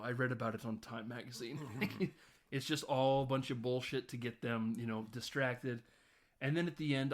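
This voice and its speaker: A man's voice: mid-range voice, fairly even intonation, normal speed. Chuckling man recapping a film. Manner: rambling, chuckling, lots of fillers. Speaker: podcast host.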